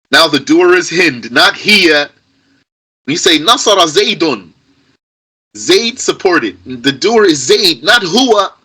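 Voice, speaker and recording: A man teaching grammar to a live class, slow and lively in pitch, often repeating himself for emphasis. His tone is bright with a slightly husky edge. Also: poor audio. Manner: patient, repeats key points, emphatic stress.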